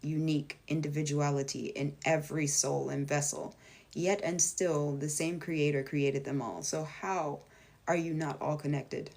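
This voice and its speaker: A woman with a fairly low speaking voice talks straight to her viewers in a loose, unscripted monologue. She is blunt and emphatic, swears without hesitation, and jumps way up in pitch whenever she acts out what someone else says. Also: fairly even intonation, measured pace, gravelly, a little mellow. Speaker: vlogger and life coach. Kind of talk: casual spoken monologue.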